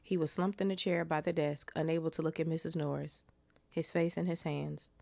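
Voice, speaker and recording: A woman's voice: low-pitched, steady tone, fairly quick, vocal fry, mellow, no room sound. A woman hosting a casual book reaction podcast, chatting in slang and reading the chapter aloud. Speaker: podcast host.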